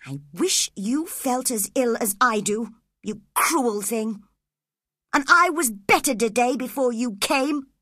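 A woman's voice: high voice, sing-song, takes it slowly, long pauses, a bit bright, dry recording, clean studio sound, pitched above the performer's own voice, exaggerated voice. A woman voicing a spoiled, feverish boy who whines and pities himself in a storybook reading. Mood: spiteful. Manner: whiny, petulant. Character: spoiled feverish sickly boy, peevish and self-pitying.

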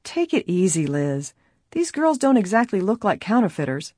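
A woman's voice: medium pitch, moderate pace, husky, no room sound, clean studio sound. A woman reading an audiobook, voicing an easygoing male gas station attendant. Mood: soothing. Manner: calming, easygoing. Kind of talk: audiobook character voice.

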